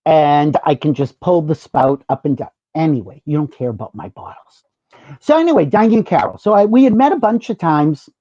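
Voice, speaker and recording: A male host telling a long anecdote in a chatty, self-mocking, animated way, in a slightly dull recording. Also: on the high side, dry recording. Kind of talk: casual anecdote storytelling. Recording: dull muffled sound.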